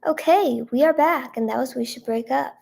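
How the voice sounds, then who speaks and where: A hoarse woman singer-songwriter chatting casually on a livestream, thanking viewers by name and filling her talk with "like" and "um". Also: high-pitched, moderate pace, darkish tone.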